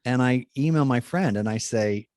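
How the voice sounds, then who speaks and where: Male priest, storyteller, middle pitch, chatty with lots of restarts, acts out quotes; dry close recording. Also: normal speed, darkish tone, no room sound. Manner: chatty, many fillers and restarts, acts out dialogue. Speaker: Jesuit priest, guest speaker. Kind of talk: animated anecdote telling.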